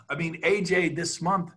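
A middle-aged man giving an excitable, rambling sales pitch over a video call, laughing at himself as he goes. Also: a little slow, husky. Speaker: real estate team leader.

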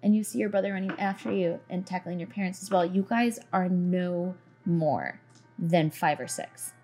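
A woman's voice: on the low side, moderate pace, dark tone, faint music behind. A woman narrating a tabletop role-playing game as dungeon master, describing scenes in a loose, meandering way with fillers.

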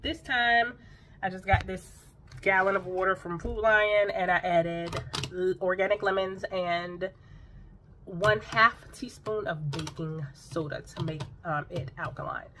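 A woman talking straight to her viewers in a loose, animated vlog, with lots of quick asides. Her voice is bright and forceful. There is a faint hiss of noise behind her. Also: lowish voice. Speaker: vlogger. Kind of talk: casual vlog chat.

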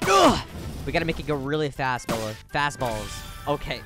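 A young woman hosting a gaming video, complaining dramatically and yelling when she wins. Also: sits low, moderate pace. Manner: whiny, dramatic, self-pitying complaining with bursts of excited yelling. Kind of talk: casual gameplay commentary. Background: game music.

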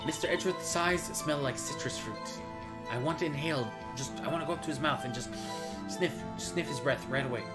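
A man's voice: a little high, brisk. A man casually commenting while playing a courtroom video game, making rambling jokes and asides over game music. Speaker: let's-play streamer.

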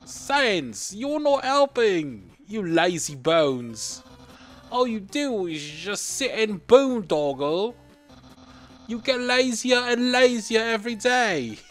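A man's voice: high-pitched, very animated, slow, a bit bright, faint music behind, voice pushed up, heavily acted. A man voicing a boastful, eager skeleton with a stilted mock-British delivery. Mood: scolding. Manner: bombastic, self-important, stilted mock-British.

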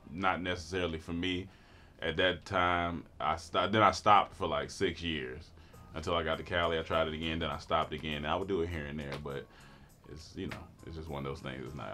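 A man telling a comic story about getting too high, acting out the lines of everyone in it and laughing often. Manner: animated, acts out quotes, laughs often. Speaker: storyteller guest. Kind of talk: comedic storytelling.

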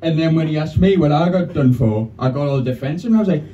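A male stand-up comedian, telling a story on a club stage with a punchy, animated delivery. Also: fairly high pitch, fast talker, dull audio. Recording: distant live club sound with audience.

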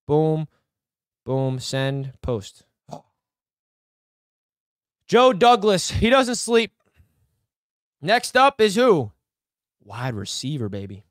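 A man's voice: fairly high pitch, no echo, studio quality. A young man hosting a live stream, reacting to sports news with hyped, rambling chatter aimed at his chat.

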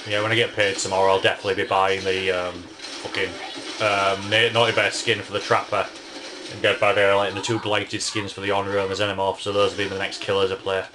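A man with a congested, stuffy voice talks casually over his own gameplay, muttering curses as he plays. His voice sits very low. A steady hiss of background noise runs under everything. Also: fast talker. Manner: mumbling, swearing under his breath. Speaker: gamer playing on stream.

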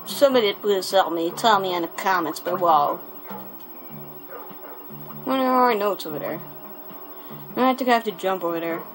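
A young man talks his way through a video game in a loose, chatty ramble, repeating himself and muttering mild curses. Game music plays clearly underneath his voice. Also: high-pitched, rough recording. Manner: chatty, rambling, restarts often, quick mild cursing. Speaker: let's play gamer. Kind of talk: casual gameplay commentary.

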